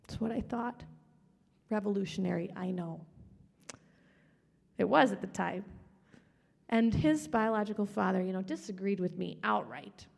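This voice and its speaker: A woman gives a personal testimony in an earnest voice with a gravelly edge. She often drops into a hushed whisper. Her voice rings out with the long reverb of a large hall. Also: mid-range voice, expressive, normal speed. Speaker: speaker sharing her testimony.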